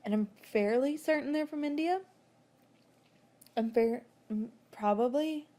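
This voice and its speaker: A woman's voice: high voice, unhurried, mellow. A woman casually recapping a book chapter as a podcast host, rambling and chatty, laughing often and swearing freely.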